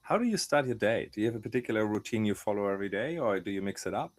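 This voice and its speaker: A man's voice: fairly low pitch, expressive, rapid-fire. Hesitant podcast host man. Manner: warm-hearted, hesitant, many fillers and repeats. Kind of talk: casual interview chat.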